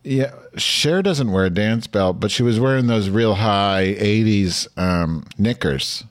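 A man's voice: fairly low pitch, takes it slowly. A man hosting a comedy show, telling rambling, crude stories in casual chat. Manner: rambling, crude and deadpan, with frequent fillers. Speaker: host.

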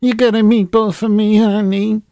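A brassy, flirty middle-aged New Jersey lady, as a man puts her on. The voice sits high and sing-song, and the sound is dry and close. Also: flat delivery, moderate pace, creaky, mellow, no room sound.

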